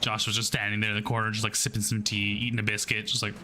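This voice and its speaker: A man's voice: lowish voice, monotone, rapid-fire. A man giving casual, playful let's-play commentary as a gaming streamer, chatty and joking. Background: loud game music.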